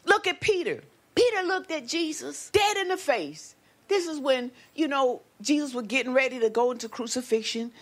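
Animated high-pitched woman preaching. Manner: animated call-and-response preaching, drawn-out exclamations. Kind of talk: sermon.

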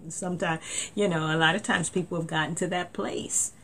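Lower-voiced woman preaching. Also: steady tone, brisk, a bit bright, slight background noise. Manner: earnest, repeats words, rising emphasis; reads scripture aloud. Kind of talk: sermon.

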